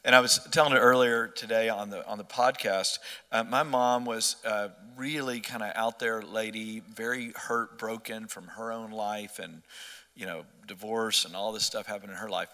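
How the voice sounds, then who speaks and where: Middle-aged guy, earnest storyteller, bright forceful voice, long reverb around him. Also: fairly low pitch, steady tone, normal speed. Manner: earnest, storytelling with many restarts. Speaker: interview guest. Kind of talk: personal testimony in conversation.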